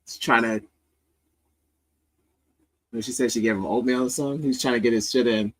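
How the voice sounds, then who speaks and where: A man's voice: medium pitch, fairly even intonation, moderate pace, poor audio. A man hosting a comedy podcast, riffing loosely with laughter and profanity. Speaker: podcast host. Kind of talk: casual comedic commentary.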